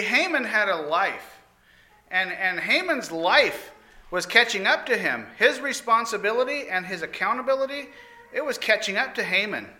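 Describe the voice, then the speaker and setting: A man preaching by retelling a story in an animated, folksy way, with many exclamations. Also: high voice. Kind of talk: storytelling sermon.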